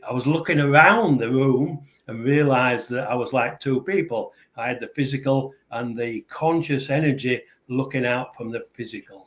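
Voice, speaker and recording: An older man in his seventies speaks with a Yorkshire accent, pausing often and filling gaps with hesitant sounds as he answers questions on a podcast. His pitch sits in an ordinary middle range for a man. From England. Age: 70s. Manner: hesitant, many filler uhs. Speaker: guest. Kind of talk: podcast interview.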